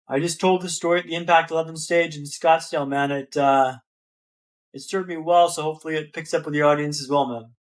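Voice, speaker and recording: High-voiced man telling a story. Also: steady tone, a little fast. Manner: vivid, rhythmic storyteller who repeats phrases and calls the host "man". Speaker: podcast guest. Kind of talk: dramatic storytelling in an interview.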